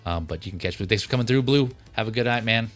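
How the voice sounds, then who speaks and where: Speaking fast in a lowish voice, a livestream host chats casually about collectible figures. He's easygoing and meandering, with frequent fillers and restarts, while soft music plays in the background.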